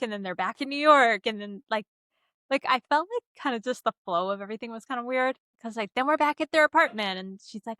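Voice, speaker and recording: Young woman, podcast cohost, casual movie chat, bright tone, dry recording. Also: on the high side, a little fast, clear, resonant tone, no room sound. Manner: animated, acts out scenes with quoted voices.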